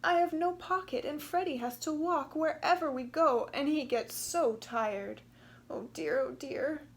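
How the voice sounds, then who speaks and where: A woman voicing a gentle, sad mother kangaroo in a storybook reading, speaking in a pleading way. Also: high-pitched, very animated, unhurried, pitched above the performer's own voice, heavily acted. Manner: plaintive, pleading. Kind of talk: storybook read-aloud.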